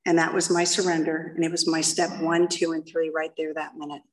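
At a recovery meeting, a middle-aged woman shares her story with a live audience in a meeting room, candid and self-deprecating. Her voice sits low, her delivery flat and brisk, and it's picked up from a distance.

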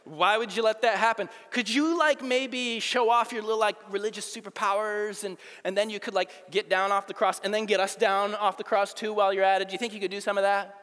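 A man's voice: sits high, steady tone, brisk, few pauses, fairly bright tone, pitched above the performer's own voice. A man voicing a scoffing, sarcastic male criminal on a cross, mocking in a raised voice. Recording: long hall reverb.

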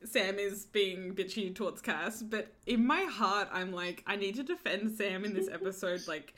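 A woman's voice: medium pitch, moderate pace. A woman co-hosting a fan podcast, talking casually with many fillers and frequent laughter. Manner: animated, laughing, lots of fillers. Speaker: podcast co-host.

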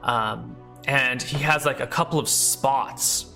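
A man's voice: mid-range voice, slow, gravelly, sharp tone, faint music behind. A man running a tabletop game as game master, narrating casually with lots of fillers.

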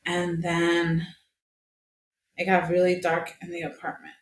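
In an echoey room with faint ambience and a bit of hiss or hum, a young Colombian podcast guest recounts a personal story candidly. She swears freely and voices the people she quotes, speaking in a fairly low, monotone, unhurried way.

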